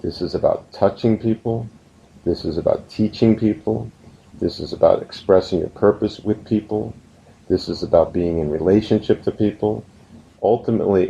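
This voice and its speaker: A very low, gravelly male voice delivers a recorded course lesson in an earnest, storytelling way. He slows down to land his points. The sound is a little dull and muffled. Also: warm tone. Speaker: business course instructor.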